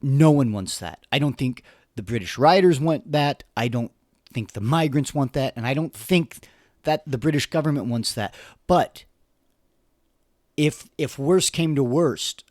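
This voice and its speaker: A man's voice: mid-range voice, a little mellow, no echo, studio quality. A man hosting a solo opinion podcast, talking earnestly and with passion, often repeating words as he gathers his thoughts. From United States. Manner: earnest, impassioned, repeats words while searching for them. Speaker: podcast host.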